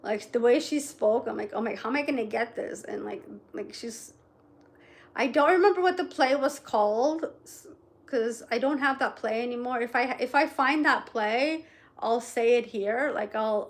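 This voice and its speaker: A woman's voice: a little high, unhurried. Chatty middle-aged woman, rambling vlogger. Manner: rambling, chatty, frequent "right?" tag questions. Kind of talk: casual chat to camera.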